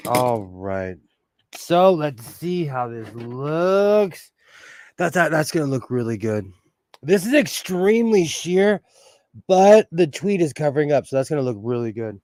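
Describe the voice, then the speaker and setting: A man from Los Angeles hosting a sewing livestream, chatting casually with frequent laughter and animated storytelling. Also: fairly high pitch, measured pace. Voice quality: bald. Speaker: livestream host. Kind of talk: casual chat while sewing.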